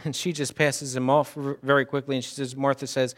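A male pastor preaching a sermon in a church, dramatic, swinging from hushed talk to shouting. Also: mid-range voice, little pitch movement, a little fast, hardly any pauses.

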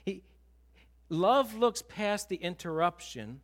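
A male pastor preaching a sermon in a church, telling the story with animated swings from loud to soft. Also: high voice, slow pace, long pauses. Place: church sanctuary.

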